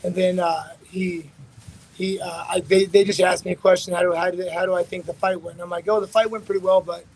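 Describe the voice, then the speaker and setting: High-voiced man telling a rambling story. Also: flat delivery, a little fast, darkish tone, husky, poor audio. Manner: rambling, profane, frequent restarts. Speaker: interview guest, fighter. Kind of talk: casual storytelling.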